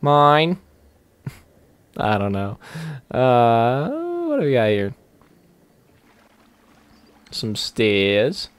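A young man commentating his game in a loose, rambling way, giggling and thinking out loud. His voice is smooth and resonant, close on the mic. The sound is dry, with no room around it. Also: mid-range voice, animated, drawn-out words, long pauses, dry recording. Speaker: gaming YouTuber. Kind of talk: let's play commentary.

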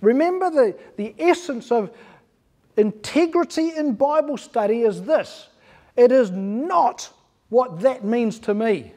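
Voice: medium pitch, warm tone. A pastor preaching an earnest, emphatic sermon in church, asking the congregation rhetorical questions.

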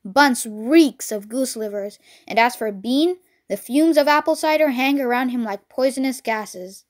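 A woman's voice: fairly high pitch, measured pace, lightly acted. A woman voicing a clever, cocky male fox who is a caring father, in a read-along storybook. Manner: cheerful, cocky and affectionate.

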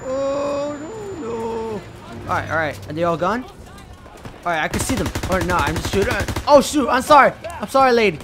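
A man giving excitable let's play commentary, yelling and repeating words in bursts, a bit hoarse from shouting. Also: extremely high pitch, moderate pace, background noise. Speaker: gaming video creator. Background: game music and gunfire.

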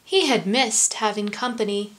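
A woman reading a picture book aloud to children, gentle, with hushed asides. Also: mid-range voice, normal speed, a little hiss or hum. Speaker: storyteller for children.

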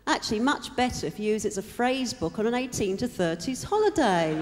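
A woman's voice: a little high, animated, brisk, hardly any pauses. A woman doing live stand-up, telling offhand stories with dry punchlines. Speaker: stand-up comedian. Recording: live hall recording with reverb and hiss.

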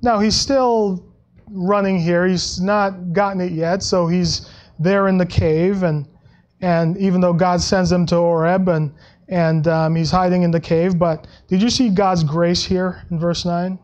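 A male pastor preaching a sermon in a conversational way, with frequent restarts and soft laughs, and dropping his voice when he quotes scripture. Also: fairly even intonation, a little slow. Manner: acts out Bible quotes in a lower voice.

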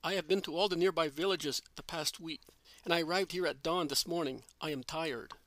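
A calm, solemn male teacher speaks kindly, voiced by a male reader. He sounds fairly high-pitched for a man. The recording is dry and close. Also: brisk, no echo, close to an everyday voice. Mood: gentle.

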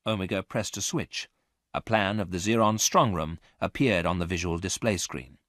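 Man narrating a learners' storybook, lowish voice, slow and clear, dry close mic. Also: fairly bright tone, no room sound. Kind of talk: scripted narration of a graded reader.

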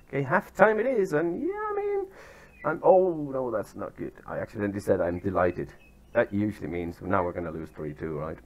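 Excitable young man commentating a football sim. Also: fairly low pitch, normal speed, creaky, highs cut off. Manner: excitable, chatty, self-deprecating, sudden yelps. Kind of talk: casual gaming commentary. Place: outdoors near turkeys.

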